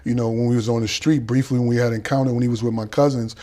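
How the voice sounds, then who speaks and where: A middle-aged man with a Boston accent tells his story as a podcast guest. He is animated and acts out the other people in his tale. His voice sits in an ordinary mid range for a man. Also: medium pitch, very fast. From Boston, Dorchester. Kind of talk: storytelling interview.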